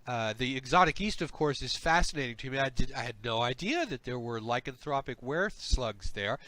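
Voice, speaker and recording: A man's voice: mid-range voice, lively intonation, brisk, sharp tone, no echo. A man voicing a curious, scholarly slug creature that stammers politely and eagerly in a tabletop game. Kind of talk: tabletop role-play voice.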